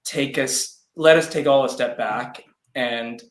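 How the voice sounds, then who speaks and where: A man's voice: mid-range voice, takes it slowly. A young man, an actor, speaking earnestly in an interview, hesitant and full of fillers. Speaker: actor guest. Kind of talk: interview conversation. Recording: roomy echo.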